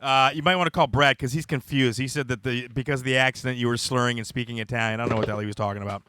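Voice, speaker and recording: A man with an American accent hosting a comedy podcast, teasing a caller in fast, casual banter. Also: medium pitch, fairly even intonation, background noise. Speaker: podcast host. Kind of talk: casual chat.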